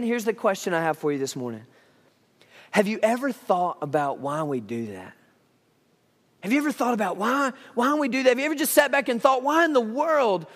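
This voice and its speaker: A man with a very high voice preaches to his congregation. He tells the story with animated, playful dialogue. The sound carries a long reverb from the church sanctuary. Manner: animated storytelling, acting out Bible characters. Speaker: pastor. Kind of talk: sermon.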